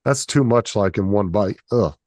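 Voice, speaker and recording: Laid-back swearing male streamer, low voice. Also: normal speed, darkish tone, no room sound, clean studio sound. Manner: laid-back, profane, laughs often. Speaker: streamer host. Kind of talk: casual livestream chat.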